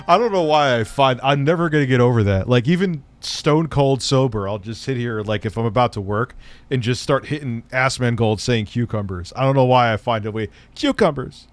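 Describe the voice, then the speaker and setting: A man's voice: medium pitch, normal speed, soft background music. Crude, rambling male streamer. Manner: crude, profane, rambling jokes. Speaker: streamer host. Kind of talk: casual livestream reaction chat.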